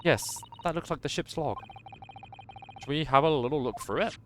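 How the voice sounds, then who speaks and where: A man voicing a polite, clever young woman who gently explains things. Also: on the high side, moderate pace, slight background noise, close to an everyday voice.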